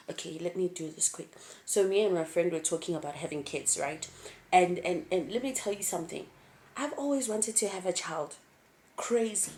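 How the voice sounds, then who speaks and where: A young woman speaks to her camera in a vlog. Her voice sits a little low, and she moves between laughter and heavy, emotional moments as she talks openly. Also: a little mellow. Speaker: YouTube vlogger. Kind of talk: casual chat to camera.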